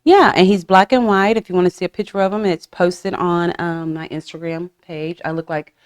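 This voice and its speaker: A woman's voice: on the low side, moderate pace. A woman in her forties hosting a podcast, telling stories in casual chat and slipping into voiced asides, with frank swearing. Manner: animated storytelling with voiced asides and profanity. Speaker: podcast host.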